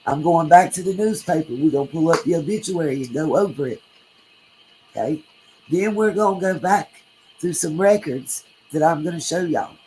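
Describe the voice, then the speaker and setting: A woman's voice: low voice, animated, normal speed, mellow, a little hiss or hum, poor audio. A woman hosting a true crime livestream, chatting casually, reading comments and thanking viewers by name.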